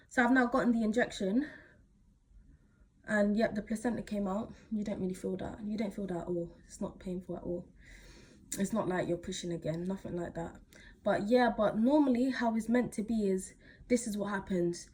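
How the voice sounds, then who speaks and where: A teenage girl, chatting to camera as she retells a story in a casual, animated way. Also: medium pitch, a little fast, slight background noise. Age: teens. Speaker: vlogger.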